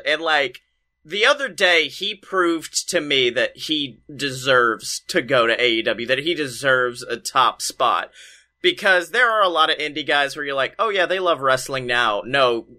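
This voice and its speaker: An excitable podcast co-host with a bright, fairly high voice chats casually about wrestling. He swears a lot and acts out quotes with big shouts.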